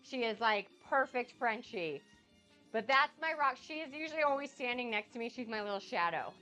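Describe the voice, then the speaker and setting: A young woman getting over a cold, chatting excitedly with viewers on her cooking live stream. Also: a little high, moderate pace, faint music behind. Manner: bubbly, gushing and excitable. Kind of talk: casual live-stream chat.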